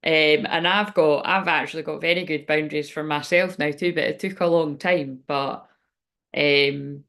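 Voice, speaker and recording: A woman's voice: sits low, steady tone, normal speed, fairly bright tone. A woman speaking as a spiritual reader in a rambling, frank livestream chat, swearing now and then.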